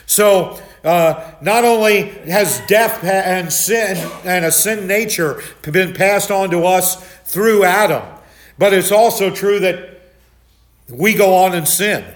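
An older man leads a Bible study in a loud, animated voice. He tells stories with lots of restarts and repeated words. His voice sits a bit high for a man. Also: slow. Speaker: pastor.

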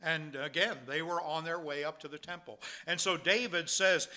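A man's voice: fairly high pitch, steady tone, normal speed, sharp tone. A man preaching a sermon in a conversational way, asking rhetorical questions and restarting his sentences. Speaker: pastor.

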